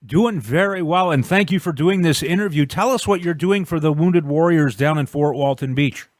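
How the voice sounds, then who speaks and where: A man in his forties hosting a comedy podcast, telling self-deprecating jokes in a relaxed, chatty way. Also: on the high side, normal speed, no room sound, studio quality. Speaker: podcast host. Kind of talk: casual comedic interview chat.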